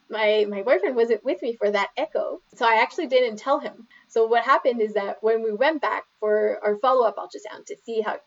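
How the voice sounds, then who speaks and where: A fairly high-voiced woman, talking casually on a podcast. She tells stories with animation and acts out the people in them. The audio sounds slightly muffled and lo-fi. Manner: animated storyteller, acts out quotes. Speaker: podcast guest. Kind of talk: casual conversation.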